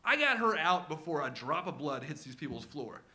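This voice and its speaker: Male storyteller, 30s, slightly high voice, comic and animated, live first-person storytelling. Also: normal speed. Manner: animated, comic, acts out his kids' voices.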